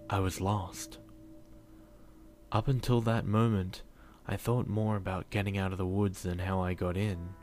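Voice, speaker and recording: A man narrating a first-person horror story in an earnest, measured way. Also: deep voice, a little mellow, a little hiss or hum.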